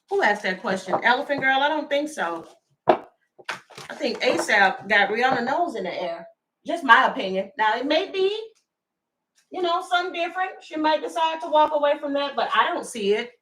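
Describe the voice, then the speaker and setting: A woman's voice: on the high side, fairly bright tone, slight background noise, low-quality recording. A woman doing a casual live tarot reading, chatty and laughing, talking straight to her viewers. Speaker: tarot reader.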